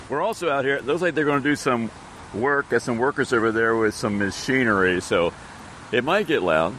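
A man's voice: medium pitch, moderate pace, fairly bright tone. A man co-hosting a podcast in casual chat, joking and easygoing, recorded on an outdoor restaurant patio. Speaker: podcast co-host. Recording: outdoor recording with traffic noise.

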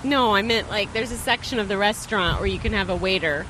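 A woman's voice: mid-range voice, fast, noisy background. A woman co-hosting a podcast in casual chat, upbeat and chatty with frequent laughs, recorded at a drive-thru and on an outdoor restaurant patio. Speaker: podcast co-host.

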